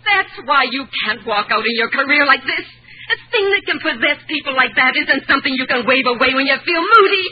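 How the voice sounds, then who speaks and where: A woman's voice: high-pitched, lively intonation, brisk. A devoted, anguished woman. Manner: theatrical 1940s radio acting. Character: anxious devoted woman, guarded, turning desperate. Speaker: Ethel, a woman devoted to a pianist. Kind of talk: 1940s radio drama acting. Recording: dull old radio recording with faint hiss.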